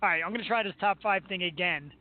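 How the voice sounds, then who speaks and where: A man's voice: sits high, fast talker. A man from Philadelphia hosting a show, talking sports in an enthusiastic, chatty way and laughing easily. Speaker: show host. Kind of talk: casual sports talk. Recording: tinny phone-like line with faint noise.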